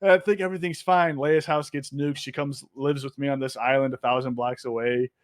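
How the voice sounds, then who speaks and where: A man's voice: mid-range voice, fairly quick, dry recording, studio quality. A young man, a podcast guest, telling stories in casual chat, swearing often and laughing as he talks. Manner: profane, laughing, animated storyteller.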